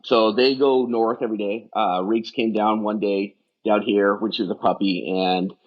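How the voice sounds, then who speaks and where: A man talking as a podcast guest, telling loose, rambling stories with lots of fillers. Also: fairly low pitch. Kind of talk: casual chat. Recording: dull lo-fi sound.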